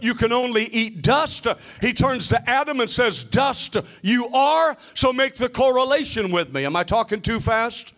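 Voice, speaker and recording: A man preaching a sermon, calling out to the congregation and answering his own questions, often rising to a shout or a sing-song cadence. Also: very high-pitched. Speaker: pastor.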